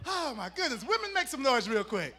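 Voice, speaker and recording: A man's voice: extremely high pitch, big pitch swings, brisk, background noise. A man performing clean stand-up comedy, playful and teasing the crowd.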